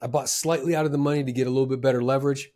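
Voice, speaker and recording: A man, a former trader, giving advice in a casual, animated way, with emphatic bursts and frequent fillers. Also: mid-range voice, rapid-fire. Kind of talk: casual motivational talk.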